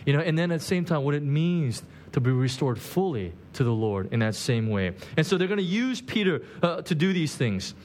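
A man delivers a sermon in a loose, conversational style, his voice sitting somewhat high for a man. He acts out the quoted lines with big swings in his voice as he talks. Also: very animated, fairly quick, hardly any pauses, darkish tone, a little hiss or hum. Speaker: pastor.

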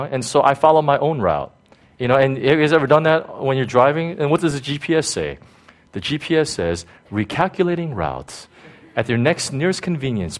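A man preaching a sermon in a loose, conversational way, tossing in frequent asides and checking in with the congregation. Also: medium pitch. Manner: conversational, lots of "you know" and "right?". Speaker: pastor.

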